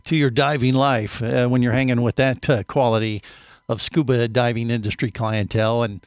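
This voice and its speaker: A man's voice: medium pitch, fairly even intonation, moderate pace, no echo, studio quality. A man hosting a podcast in a chatty, joking way, with many uhs. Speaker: podcast host.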